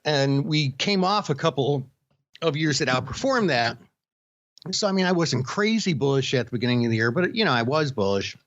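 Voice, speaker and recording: A man's voice: medium pitch, sing-song, moderate pace, a bit bright, no room sound, lo-fi sound. A man co-hosting a casual podcast chat, telling stories with many restarts and fillers. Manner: rambling storyteller with many restarts. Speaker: podcast co-host.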